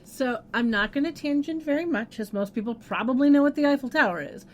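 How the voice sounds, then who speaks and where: A woman's voice: sits high, lively intonation, brisk, slight background noise. A woman co-hosting a podcast in casual chat, agreeable and chatty, dropping in researched facts. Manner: agreeable, chatty, fact-sharing. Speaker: podcast co-host.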